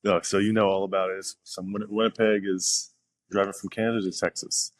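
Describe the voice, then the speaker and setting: A young man, a professional pitcher, telling stories casually as a podcast guest, rambling with fillers and restarts. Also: flat delivery, brisk, no echo. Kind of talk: casual interview storytelling.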